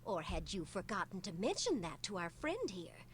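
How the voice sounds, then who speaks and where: An actress voicing a proud, composed female dark elf in a video game, speaking in a cool, challenging way. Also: lowish voice, sing-song, moderate pace, slight background noise.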